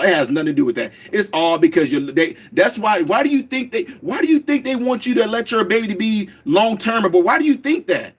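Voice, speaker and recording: A man hosting a radio talk show, speaking fast and preachy and slowing down to stress words. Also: a little high. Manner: preachy, emphatic, repeats words slowly for stress. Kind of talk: fast call-in radio talk, streamed live.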